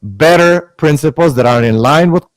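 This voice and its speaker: A man's voice: a little high, normal speed, dry recording. Combative man debating with Arabic terms. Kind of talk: heated online debate.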